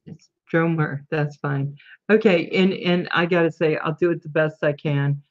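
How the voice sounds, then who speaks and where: A woman's voice: sits low, fairly even intonation, normal speed, muffled recording. An older woman, a grandmother, hosting a casual chat and giggling often. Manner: chatty, giggly. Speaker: host. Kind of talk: casual chat on a video call.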